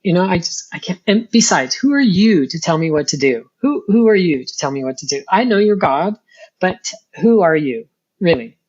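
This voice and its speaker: A woman's voice: fairly low pitch, very animated, moderate pace, darkish tone, breathy edge. A middle-aged woman, a guest on an interview show, telling her personal story and acting out her past rants as she goes. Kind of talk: personal testimony in conversation. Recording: dull lo-fi sound.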